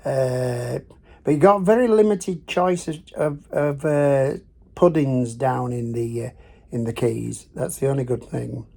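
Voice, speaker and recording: An older man with a broad Northern English accent talks casually to his vlog audience from a cruise ship cabin. His voice is mellow and gravelly, with a slightly husky edge. He wanders from point to point, full of "uh"s and fresh starts. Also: medium pitch, measured pace. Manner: chatty and rambling, with frequent fillers and restarts. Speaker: travel vlogger.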